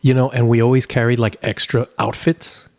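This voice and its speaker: A man's voice: mid-range voice, little pitch movement, moderate pace, gravelly, darkish tone. A man co-hosting a podcast in casual chat, playful and teasing. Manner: playful, teasing, puts on a child's voice. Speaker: podcast co-host.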